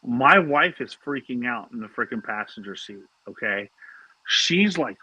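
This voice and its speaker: A middle-aged man tells stories in a bright, forceful voice, tripping over his words and swearing freely. The sound is dry and a bit dull, like a lo-fi recording. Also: mid-range voice, normal speed, breathy edge, dry recording. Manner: swears a lot, animated storytelling with stammered restarts. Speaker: podcast co-host. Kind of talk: casual chat.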